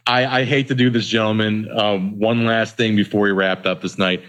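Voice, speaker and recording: A man's voice: fairly low pitch, fairly even intonation, normal speed, crowd noise. A man hosting a casual podcast, joking and swearing freely as he wraps up the episode. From Ohio, USA. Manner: joking, profane, wraps up the show. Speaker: podcast host.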